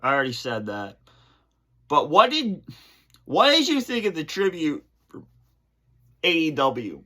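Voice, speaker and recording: A man speaks slowly and haltingly, stopping often to restart his sentences. His voice is bright and forward. He is emotional as he answers fan questions for his channel. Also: a little high, huge pitch swings. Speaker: channel host.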